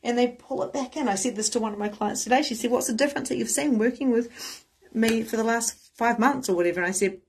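A woman's voice: mid-range voice, darkish tone, husky. A woman giving a candid, casual motivational talk as a spiritual coach, swearing freely and acting out the voices of people she quotes.

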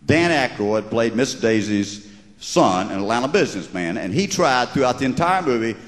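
A man's voice: medium pitch, lively intonation, moderate pace. A middle-aged man with a Southern drawl doing wry, mocking stand-up storytelling before a live audience. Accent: Southern US (Georgia). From American South. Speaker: stand-up comedian. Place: large live venue with audience. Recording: echoey hall, crowd in background.

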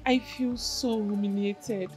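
An actress playing a humiliated young woman who quietly recounts her hurt. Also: medium pitch, fairly even intonation, takes it slowly, soft background music, close to an everyday voice, rough recording.

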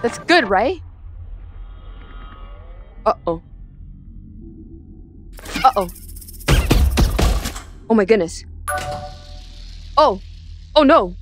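A woman playing a VR game and commenting as she goes, excitable and quick to yelp apologies. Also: fairly high pitch, soft background music. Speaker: gaming YouTuber. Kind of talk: let's play commentary.

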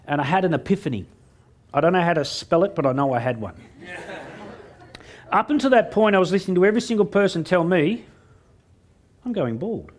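A middle-aged Australian man on stage as a motivational speaker, his fairly high voice swinging widely in pitch. He tells cheeky stories with a jokey punchline rhythm and acts out the dialogue himself. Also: expressive, normal speed, long pauses. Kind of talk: keynote speech to a live audience.

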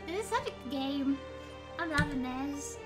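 A woman's voice: sits high, big pitch swings, slow pace. A woman streamer playing a game live, talking in a goofy, dramatic way and joking a lot. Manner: goofy, dramatic, swears with abbreviations. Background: game music.

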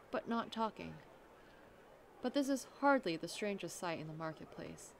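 A woman's voice: mid-range voice, slight background noise. A woman reading a visual novel aloud. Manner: reads along, breaks off to laugh and comment. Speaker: let's play narrator.

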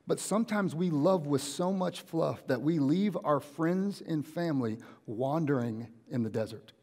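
A young man preaching a casual sermon in a church auditorium, animated and often acting out everyday conversations in different voices. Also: on the high side, a little slow. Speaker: pastor.

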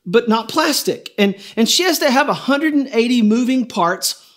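A man's voice: extremely high pitch, lively intonation, moderate pace, pitched above the performer's own voice. A man voicing God as an overworked, fervent male creator, listing demands emphatically as he tells a story in a sermon. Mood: exasperated.

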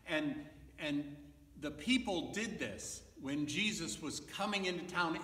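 A man, a pastor, giving a children's sermon in a gentle, coaxing way, asking the children questions. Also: a little high, lively intonation, measured pace. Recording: echoey, reverberant, from far off.

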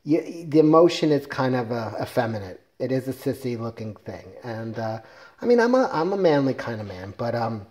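A man with a mellow, darkish voice talks through a comic book review in a loose, rambling way. He keeps correcting himself mid-sentence and slips in jokey asides as he goes. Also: mid-range voice, big pitch swings, moderate pace.

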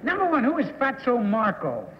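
A man with a high voice, needling the contestants with wry, teasing quips as a panelist. The sound is a dull 1960s TV recording with clear hiss and a long studio echo. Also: wildly swooping pitch, brisk. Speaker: game show panelist. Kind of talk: casual game show questioning.

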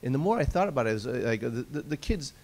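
A middle-aged man from Chicago in a lecture audience, speaking in a halting way and repeating his words. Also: mid-range voice, expressive, a little mellow. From Chicago, United States. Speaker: audience member. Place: law school lecture room.

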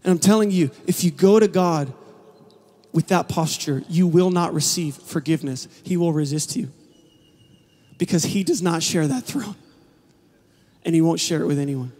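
A man with a notably high voice delivers a sermon in a large church hall. His voice rings out with a long reverb. He swings from hushed, intimate lines to impassioned, shouted calls. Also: moderate pace, pauses often. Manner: builds from quiet to passionate shouting. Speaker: pastor.

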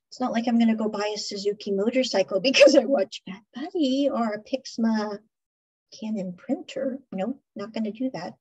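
A woman hosts a podcast and recaps an episode in a loose, chatty ramble, laughing often as she goes. Her voice sits fairly high with a breathy, husky edge. The recording sounds muffled and lo-fi. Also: a little mellow. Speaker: podcast host.

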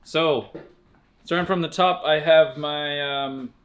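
A man's voice: fairly high pitch, slow pace. Male store staffer, easygoing and chatty, umming through a casual outfit rundown. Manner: relaxed, chatty, hesitant fillers. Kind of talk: casual fit-check vlog.

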